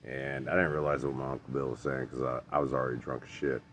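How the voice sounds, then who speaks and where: A man's voice: extremely low pitch, little pitch movement, fast talker, a bit bright, slight background noise. A man telling a personal story in a rambling, profane, casual way, with many fillers and restarts. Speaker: storyteller vlogger.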